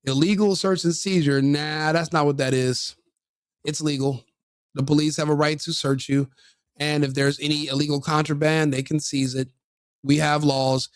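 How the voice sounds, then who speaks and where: A man with a somewhat high voice gives profane reaction commentary, brash and combative, laughing at his own jokes. The sound is dry and close. He keeps up a mocking, scornful tone. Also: fairly even intonation, moderate pace, clean tone, no room sound. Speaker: online commentator reacting to a video.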